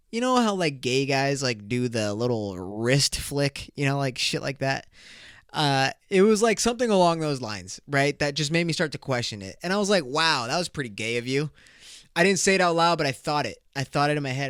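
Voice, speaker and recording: Man, podcast host, casual profane storytelling, laughs a lot, slightly high voice, dry close mic. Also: a bit bright, clean tone, no echo.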